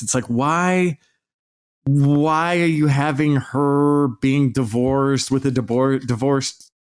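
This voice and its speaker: A man hosting a podcast, delivering an exasperated, sarcastic solo rant with plenty of swearing. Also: medium pitch. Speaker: podcast host.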